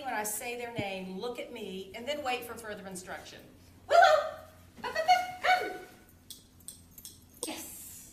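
A woman dog trainer demonstrating with her puppy, explaining steps and calling the dog's name in a happy tone. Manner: calls dog's name in high happy tone, then explains calmly. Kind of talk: instructional demo video. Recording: echoey room, faint ambient noise.

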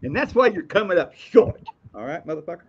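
A man's voice: sits high, very animated, brisk, slight background noise. A man co-hosting a wrestling podcast, stammering and repeating words as he rants with heavy swearing. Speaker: podcast co-host. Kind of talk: profane wrestling podcast rant. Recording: dull lo-fi podcast audio.

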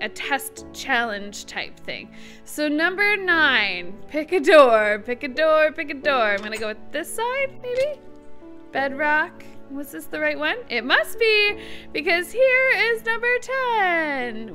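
Bubbly high-voiced woman gaming host. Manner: excitable, self-cheering, nervous chatter to viewers. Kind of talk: casual let's-play commentary.

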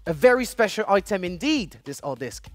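A man's voice: high-pitched, normal speed, music in the background. A man hosting a playful studio video series, joking and quipping as he presents. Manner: jokey, animated, sings snippets. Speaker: host.

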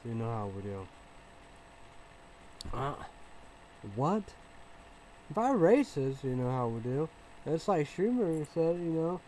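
A man in a casual vlog monologue, rambling and repeating himself, with many fillers and restarts, swinging between low mumbling and loud outbursts. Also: a little hiss or hum, poor audio. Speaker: vlogger.

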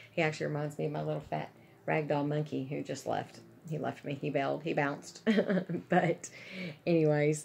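Middle-aged woman from Texas, vlogger; deep, breathy voice; chatty, gushing, full of excitement. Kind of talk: casual chat to camera.

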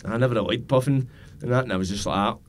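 Rapid-fire Scottish man. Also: mid-range voice. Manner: sweary and matey, with Scottish slang like "pure" and "bevy". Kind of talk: casual podcast chat.

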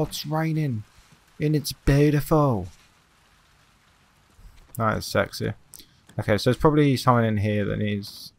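A man with a Southern English accent and Australian slips, chatting excitably through a game and swearing a lot. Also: mid-range voice, creaky. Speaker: let's play host. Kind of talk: casual gameplay commentary.

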